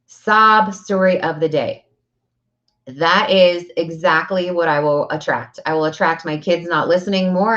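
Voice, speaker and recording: Earnest woman teaching energy healing, lo-fi. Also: low-pitched. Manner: earnest and direct, with rhetorical questions. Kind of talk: casual spiritual talk to camera.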